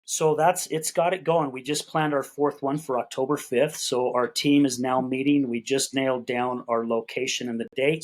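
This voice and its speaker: A man's voice: mid-range voice, poor audio. Middle-aged man telling a folksy story. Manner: folksy, repeats words while gathering thoughts; acts out quoted dialogue in conversation. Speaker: podcast guest. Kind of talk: casual storytelling interview.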